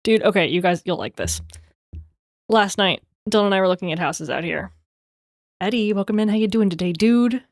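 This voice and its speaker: A young adult woman livestreamer in rambling, casual chat, quick to laugh. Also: medium pitch, animated, no room sound, clean studio sound.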